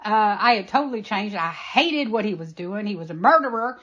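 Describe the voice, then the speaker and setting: A woman being interviewed, telling a personal story in an animated, emphatic way. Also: medium pitch, normal speed, highs cut off. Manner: animated, emphatic, acts out quoted voices.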